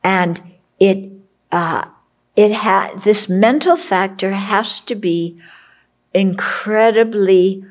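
A Buddhist woman teacher giving a reflective dharma talk, checking in often with her listeners. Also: medium pitch. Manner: reflective, checks in with "okay?", acts out inner voices.

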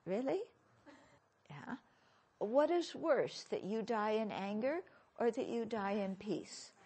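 A woman teaching as a Buddhist teacher in a dharma talk, questioning her listeners with gentle humor. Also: fairly high pitch, animated, takes it slowly, breathy edge.

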